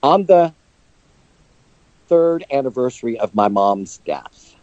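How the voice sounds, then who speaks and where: A man's voice: mid-range voice, lively intonation, slow, a little mellow, no echo. A man, a psychic medium, telling personal stories earnestly and openly in a phone interview. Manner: earnest, open about emotion. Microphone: telephone. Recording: dull, lo-fi phone line.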